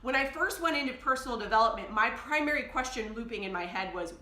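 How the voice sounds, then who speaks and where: A woman's voice: on the high side, expressive, fast, few pauses, bright, forceful tone. A woman life coach talking candidly to her device, emotional and blunt, often laughing as she speaks. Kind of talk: candid confessional vlog. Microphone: phone or camera device. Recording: roomy echo.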